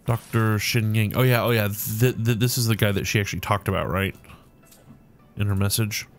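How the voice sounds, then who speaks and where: A man's voice: on the low side, steady tone, normal speed, faint music behind. A man hosting a video game playthrough, chatting casually and reading the on-screen story text aloud with amusement. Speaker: let's play host.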